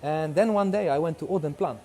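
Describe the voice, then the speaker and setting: In a documentary interview, a young man from Poland speaks with a Polish accent, relating his story in a casual, animated way. He acts out bits of dialogue and keeps restarting his sentences, his voice fairly high and his pace brisk.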